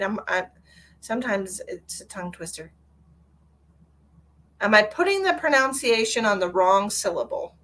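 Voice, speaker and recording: A woman's voice: medium pitch, fairly bright tone. A woman hosting a live psychic reading stream, chatting casually with viewers and calling them by pet names.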